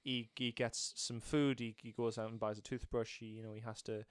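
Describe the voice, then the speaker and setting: A man's voice: mid-range voice, a little fast, clear, resonant tone, no room sound, studio quality. A man in casual chat about a film, retelling scenes and acting out the characters' lines. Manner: animated storytelling, acting out scenes. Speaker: film reviewer.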